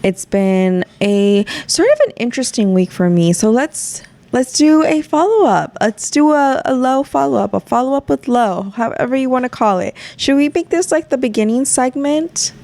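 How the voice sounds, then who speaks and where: A woman's voice: high-pitched, lively intonation, moderate pace, few pauses, warm tone, no echo. A woman hosting her own podcast, talking to listeners in a candid, rambling way and swearing freely. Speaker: podcast host. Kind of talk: casual solo chat.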